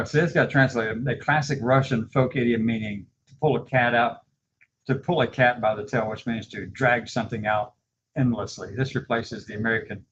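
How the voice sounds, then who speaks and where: A man's voice: mid-range voice, a bit bright, highs cut off, a little hiss or hum. Chuckling man dictating while he types. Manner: chuckles often, dictates words slowly while typing. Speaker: video host. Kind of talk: casual chat while typing.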